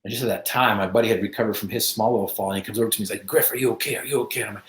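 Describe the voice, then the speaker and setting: A man's voice: on the low side, racing, reverberant. A middle-aged man from the United States, telling his own story as a podcast guest, acting out his quotes, with many fillers. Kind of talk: storytelling in an interview.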